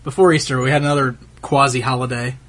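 A man co-hosting a podcast, reacting quickly and laughing a lot in casual chat. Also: medium pitch, steady tone, a crowd in the background. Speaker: podcast co-host.

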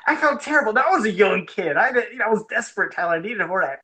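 A man in casual podcast chat, telling a nostalgic story with lively swings in pitch. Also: very fast, rough recording.

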